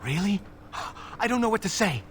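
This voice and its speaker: A man's voice: high-pitched, big pitch swings, normal speed, a crowd in the background. An actor playing a worried male elf in a video game, speaking earnestly as he asks for help. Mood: pleading. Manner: earnest, pleading. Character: worried male elf pleading for his cousin. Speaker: game character.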